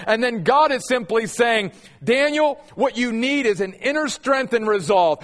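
A man preaching a sermon as pastor, earnest, slowing down to stress key words. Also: very high-pitched, animated, a bit bright, big-room sound.

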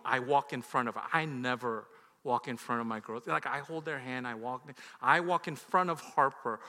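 A pastor in his thirties tells a personal story from the pulpit, his fairly high, bright voice ringing out across a large hall with a long trailing echo. He swings between loud bursts and quiet, confessional moments. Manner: confessional storytelling that swings from loud outbursts to hushed, low lines. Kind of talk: sermon storytelling.

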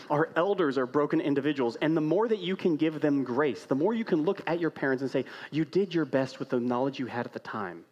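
Man, pastor, conversational sermon, rhetorical questions, shifts from loud to hushed. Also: medium pitch, muffled recording.

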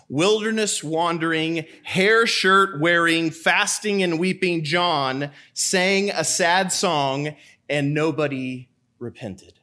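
A man's voice: fairly high pitch, slow, sharp tone. A man, a priest, preaching a sermon in a church, asking rhetorical questions and repeating them for emphasis.

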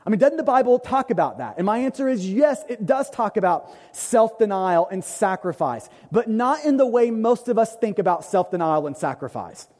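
A man preaching a sermon as pastor, earnest, repeating key phrases and slowing down to quote scripture. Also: high-pitched, sing-song, a little mellow, in a large hall.

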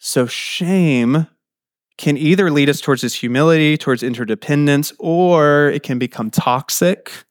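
A man's voice: on the high side, measured pace, dry recording, clean studio sound. A middle-aged man preaching a sermon in a conversational way, often asking his listeners questions. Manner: conversational, asks the audience questions.

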